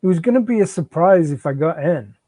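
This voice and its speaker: A man's voice: on the high side, animated, a little fast, warm tone, no room sound. A man reading the part of a defensive, out-of-work young father who stammers and pleads with his wife. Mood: stammering. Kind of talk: live fiction reading.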